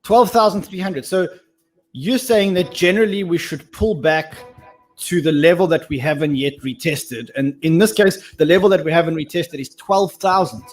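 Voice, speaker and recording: A man interviewing a trader, asking direct questions and pressing for a clear answer. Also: a little high, normal speed, faint music behind.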